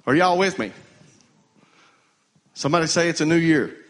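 Animated and on the high side, with a fairly bright tone at normal speed, a male pastor delivers a sermon. He keeps calling on his congregation to respond back to him.

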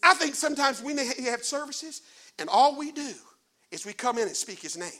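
A male preacher delivers a folksy sermon in a church. His voice sits very high, with bright, forceful edges and a lively rise and fall. He drops to hushed asides, then builds to shouts. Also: moderate pace.

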